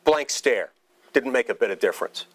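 A man's voice: mid-range voice, animated, slightly rough. A man delivers a humorous anecdote in a speech, in a mid-range voice. He tells it wryly and pokes fun at himself, often stopping to restart a phrase before moving on. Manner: wry, self-deprecating storytelling with halting restarts. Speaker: senator giving a speech.

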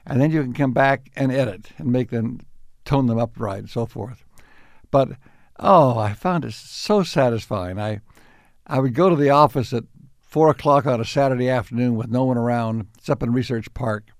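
An older man being interviewed, recalling his life in unhurried stories with frequent restarts and small chuckles. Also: mid-range voice, dry recording, clean studio sound. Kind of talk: reflective storytelling.

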